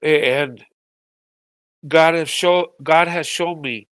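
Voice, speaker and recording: Tearful middle-aged man, high voice. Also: a bit bright, clean tone, dry recording. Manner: halting, repeats words, voice breaking with emotion. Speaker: vlogger. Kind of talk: emotional personal monologue.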